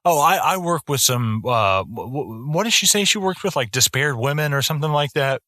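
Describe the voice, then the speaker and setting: Young male podcast co-host, casual film talk, swears freely, bright, dry close mic. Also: on the high side, a little fast, no room sound. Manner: profane, animated storytelling with put-on voices.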